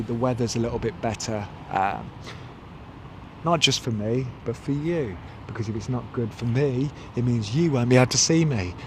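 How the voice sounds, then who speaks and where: A man's voice: mid-range voice, background noise. A man, chatting casually to camera as a vlogger, rambling and correcting himself. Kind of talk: casual vlog chat. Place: outdoors, then inside a parked van.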